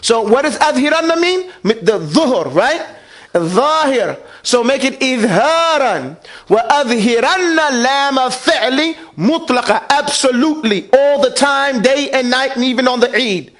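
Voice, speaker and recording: A man leads a classroom lesson in Quran recitation, questioning the class and drilling them in repetition. His very high-pitched voice is expressive and fairly bright, moving at a measured pace.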